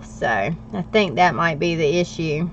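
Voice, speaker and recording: An American woman hosts a planner livestream, talking casually with viewers in a low, lively voice at an unhurried pace, laughing often while she works. The sound is lo-fi with slight background noise.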